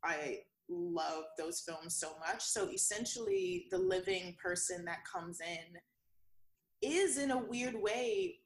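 A woman's voice: on the low side, sing-song, slow, low-quality recording. Rambling woman chatting with frequent laughs. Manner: rambling, laughs often, many fillers. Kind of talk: casual podcast chat.

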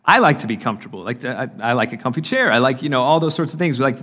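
A man gives an earnest talk at a church conference in a mid-range voice. He often pauses on fillers and restarts his phrases as he speaks. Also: medium pitch, fairly bright tone. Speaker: conference speaker and podcast host. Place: conference hall.

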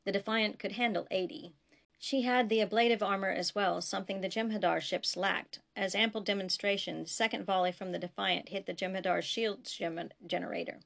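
A woman reads her own science fiction story aloud in a steady, unhurried voice. Her tone sits at a middle pitch with a noticeable gravelly, creaky grain. It is plain audiobook narration.

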